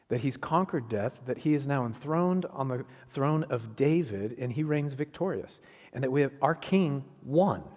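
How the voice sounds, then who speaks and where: A man preaching a sermon in a church, animated and conversational, voicing quick asides as he retells the story. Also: medium pitch, long reverb tail. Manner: animated, acts out Jesus's words in quick asides. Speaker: guest preacher. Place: church sanctuary.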